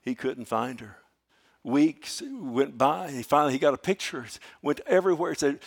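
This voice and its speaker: Folksy older preacher. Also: male voice, on the high side, moderate pace, creaky. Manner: folksy storytelling, swinging from hushed to loud. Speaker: pastor. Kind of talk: sermon.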